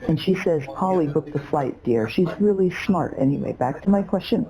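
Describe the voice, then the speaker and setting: A woman's voice: low voice, expressive, moderate pace, crowd noise, low-quality recording. A synthetic woman's voice playing an eccentric elderly caller who rambles and breaks into parrot squawks and chirps. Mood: chatty. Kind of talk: AI voice bot call.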